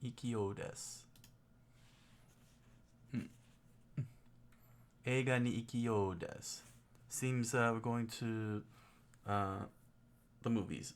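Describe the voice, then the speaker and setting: Slow, low-voiced man thinking aloud. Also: steady tone, smooth. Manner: thinks aloud, sounding out phrases and chuckling often. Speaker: host studying Japanese. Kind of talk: casual study-stream commentary.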